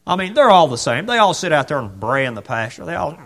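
A man's voice: fairly high pitch, sing-song, quick pace, fairly bright tone. A man preaching a sermon in a church, conversational and full of rhetorical questions, acting out the voices of the people in the story.

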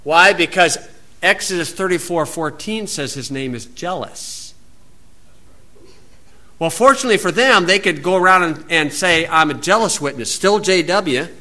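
A man's voice: on the high side, animated, normal speed, bright, forceful tone. A man with an American accent giving an informal, folksy Bible teaching outdoors, wandering into asides and rising to emphatic preaching.

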